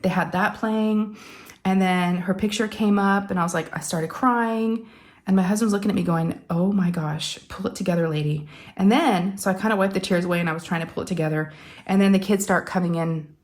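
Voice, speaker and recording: A woman's voice: mid-range voice, fairly even intonation, fairly quick. A middle-aged woman hosting a crafting channel, telling a family story in casual, rambling, heartfelt chat with lots of fillers and restarts. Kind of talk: casual chatty storytelling to viewers.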